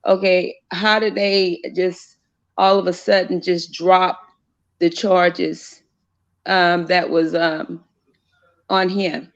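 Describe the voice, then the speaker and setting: A woman's voice: fairly low pitch, level tone, slow pace. A woman calling in to a casual chat, hesitant and full of fillers. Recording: dull lo-fi call audio.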